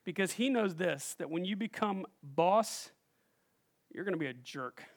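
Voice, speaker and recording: A man preaching a sermon as pastor, animated and calling out questions to the congregation, acting out the voices he quotes. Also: sits high, unhurried.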